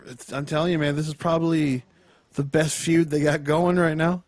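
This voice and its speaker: A man co-hosting a podcast, chatting about wrestling with animated, swearing, repetitive restarts. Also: fairly high pitch, moderate pace. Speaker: podcast co-host. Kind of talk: casual wrestling chat.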